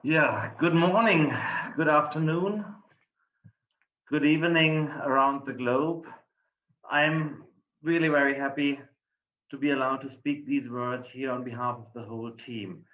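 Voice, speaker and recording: A man's voice: mid-range voice, fairly even intonation, a little slow, fairly bright tone. A man with a strong German accent opens a conference talk in a formal, courteous way. His mid-range voice sits in a roomy space, and the online audio is dull and muffled. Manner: apologetic, formal and polite. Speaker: professor and lead researcher presenting. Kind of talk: conference presentation.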